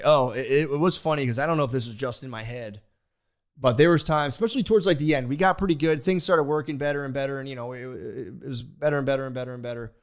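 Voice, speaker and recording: Young dude rambling on a podcast, swears a lot, keeps restarting, mid pitch. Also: male voice. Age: young adult. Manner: rambling and animated, swears freely, restarts often. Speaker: podcast host. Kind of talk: casual chat.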